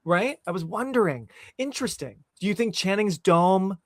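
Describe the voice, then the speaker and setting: A man's voice: high voice, animated, normal speed, no echo, clean studio sound. A man hosting a podcast in casual chat, chatty and often acting out film lines. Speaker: podcast host.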